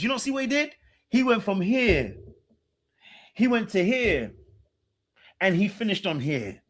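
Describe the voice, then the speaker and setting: A man hosting a podcast, reacting to a dating show in casual, teasing commentary, swinging between loud excitement and hushed mimicry. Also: high-pitched, a little slow, pauses often, a little hiss or hum. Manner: animated, teasing, laughs, mimics people in a hushed voice.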